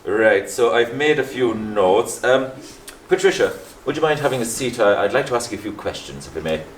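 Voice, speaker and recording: An actor with a Liverpool accent playing a pompous, meddling middle-aged Catholic priest who hesitates and repeats himself. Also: male voice, medium pitch, animated, moderate pace, natural voice. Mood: smug, probing. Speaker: parish priest. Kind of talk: stage play acting. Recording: echoey stage with faint noise.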